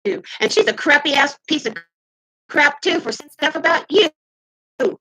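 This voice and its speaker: A woman in her fifties venting heatedly to her camera, swinging between loud outbursts and muttered asides. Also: high voice, expressive, measured pace, rough recording. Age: 50s. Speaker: vlogger. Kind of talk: casual ranting to camera.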